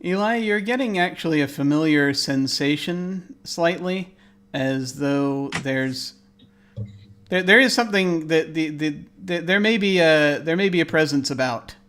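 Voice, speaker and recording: A man narrating as game master in a tabletop game in a hesitant, halting way, often restarting. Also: a little high, fairly bright tone.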